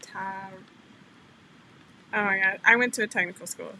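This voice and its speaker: Bright-voiced woman hosting a chatty livestream. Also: medium pitch, racing, a little hiss or hum, rough recording. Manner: chatty, laughs often, greets viewers by name. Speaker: livestream host. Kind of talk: casual livestream chat.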